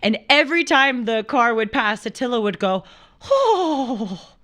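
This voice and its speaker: Animated woman host telling a travel story. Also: fairly high pitch, fairly quick, clean tone. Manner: animated storyteller who acts out quoted voices. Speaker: show host. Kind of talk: casual chat.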